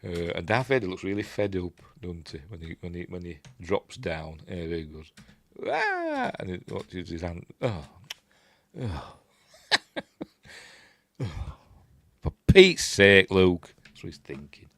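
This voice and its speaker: A man's voice: low voice, a little slow, pauses often, fairly bright tone, no echo. A man with a Yorkshire accent giving a casual, rambling film commentary, full of chuckling asides and playful character impressions. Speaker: film reviewer.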